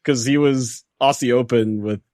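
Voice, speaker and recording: A man co-hosting a casual wrestling podcast, relaxed, dropping short quips and giggles. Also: medium pitch, normal speed, dry recording, studio quality. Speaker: podcast co-host.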